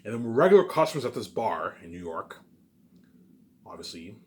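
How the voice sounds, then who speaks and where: Rambling man with a low voice, talking fast. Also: sing-song. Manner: repetitive, stumbling restarts, keeps saying "you know what I'm saying" and "obviously"; swears casually. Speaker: vlogger pitching his movie ideas. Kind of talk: rambling casual monologue.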